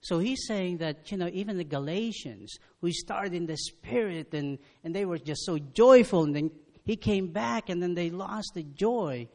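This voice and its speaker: A man's voice: sits high, expressive, normal speed, a little mellow. A man leading a church meeting, preaching in a conversational way with plenty of fillers. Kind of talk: sermon.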